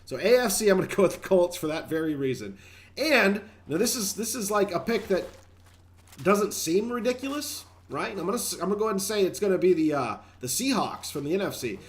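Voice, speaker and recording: A man's voice: high-pitched, lively intonation, fairly quick. A man hosting a gaming channel, giving chatty, rambling gameplay commentary and talking straight to viewers.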